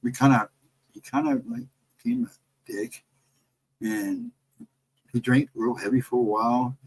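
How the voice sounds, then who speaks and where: A middle-aged American man tells a story on his casual livestream and rambles from one detail to the next. His voice is husky, and his pitch swings up and down a lot as he gets animated. He stops now and then to greet people in the chat. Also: unhurried, poor audio. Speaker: livestream host.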